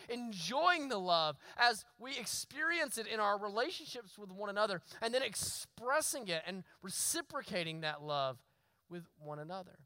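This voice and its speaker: Man, pastor, sermon storytelling, dry close sound, high voice. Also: normal speed, no room sound, poor audio. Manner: storytelling, animated with shouted asides.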